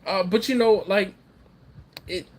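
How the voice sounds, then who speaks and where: A man with a high, unhurried voice hosts a casual live stream, reading viewer chat aloud. He's rambling and chatty, often laughing and repeating his words.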